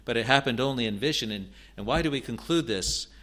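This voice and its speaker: A man with a medium-pitched, sharp-toned voice and lively intonation leads a halting Bible study, often restarting and repeating himself. His voice climbs in emphasis as he reads scripture passages.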